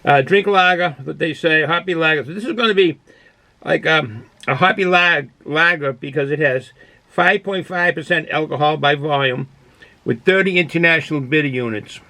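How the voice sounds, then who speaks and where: A man's voice: fairly high pitch, normal speed, bright, forceful tone, no room sound, rough recording. A man with a Boston accent casually reviewing a beer, rambling with many fillers and restarts.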